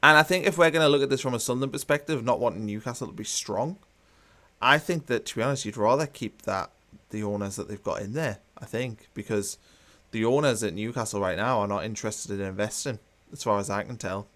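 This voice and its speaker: A man with a fairly low voice hosts a live football watchalong. He talks casually and with strong opinions, restarting sentences and filling pauses as he reads comments aloud. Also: a bit bright. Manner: opinionated, chatty, many fillers and restarts.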